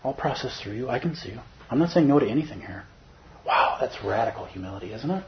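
A man giving a Zen dharma talk in an animated, playful way, at times putting on other voices. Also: mid-range voice, fast, muffled recording, slight background noise. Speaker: Zen teacher.

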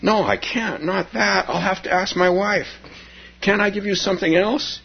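A man's voice: high-pitched, steady tone, moderate pace, vocal fry, husky, dull audio, voice pushed up, full character voice. A man voicing a flustered man who pleads and protests in a story he tells. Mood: pleading.

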